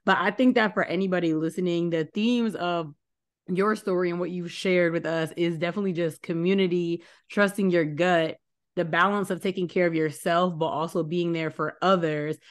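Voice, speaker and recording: A woman's voice: lowish voice, steady tone, moderate pace. A woman hosting a podcast in casual chat, supportive and affirming, with frequent "like" fillers. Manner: supportive, many "yeah" and "like" fillers. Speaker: podcast host.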